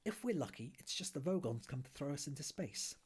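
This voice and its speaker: A calm, worldly alien traveller, put on by a man in a quiet ASMR storybook reading, dry and matter-of-fact. The voice is breathy and moves lively in pitch. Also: fairly quick, heavily acted. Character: laid-back, worldly male alien traveller.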